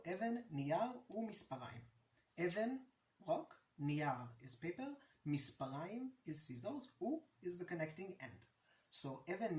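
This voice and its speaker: Chatty Israeli man in an echoey room. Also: a little high. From Jerusalem, Israel. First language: Hebrew. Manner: chatty, anecdotal, laughs at own stories. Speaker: language teacher. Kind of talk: casual language lesson.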